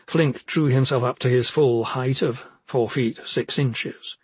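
A man narrating a fantasy audiobook in a husky voice, with measured, even storytelling. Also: mid-range voice, dry recording.

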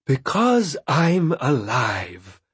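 A defiant male prisoner who taunts his captor without lowering his voice, speaking slowly and deliberately, as the narrator acts him. The voice is husky with a dry, close sound. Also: sing-song, dry recording, exaggerated voice. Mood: taunting. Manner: slow, loud, taunting. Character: defiant, mocking male prisoner with a booming laugh.

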